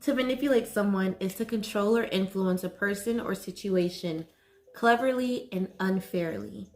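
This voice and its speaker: A woman vlogger talking to camera about mental health, nervous and slow, halting often and saying "like" a lot. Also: mid-range voice, darkish tone. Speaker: wellness vlogger. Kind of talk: casual talk to camera.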